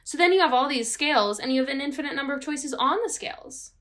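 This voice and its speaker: A woman with a bright, forceful voice, sitting a little high in pitch, co-hosting a podcast. She chats casually and eagerly, her thoughts tumbling out in fits and starts. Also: fast talker. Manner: enthusiastic, talks in fits and starts with many likes. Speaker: podcast co-host. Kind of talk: casual chat.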